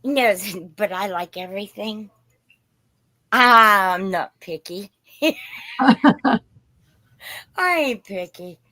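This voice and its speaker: A woman's voice: mid-range voice, animated, drawn-out words, long pauses, pushed and bright, no room sound. A woman from Southern Indiana with a mixed Indiana and Pennsylvania accent, hosting a casual live-stream sale of vintage glass in a chatty, folksy, rambling way. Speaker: host selling vintage glass.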